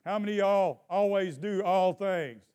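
A pastor with a high, darkish, clear and resonant voice preaches to his church. Questions are called out for the congregation to answer, and he reads scripture with long, emphatic stretches.

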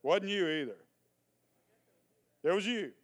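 A man's voice: high voice, lively intonation, slow pace. A man preaching a sermon to his congregation, joking and teasing between Bible readings. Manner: reads scripture aloud and explains it. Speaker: pastor. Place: church before a congregation.

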